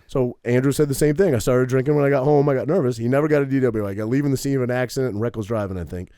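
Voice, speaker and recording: A man's voice: mid-range voice, racing, dry recording, clean studio sound. A man telling a long story on a podcast in a casual, profane way, tagging his sentences with "right?". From Maine. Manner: profane, animated storytelling with many "right?" tags. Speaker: podcast co-host.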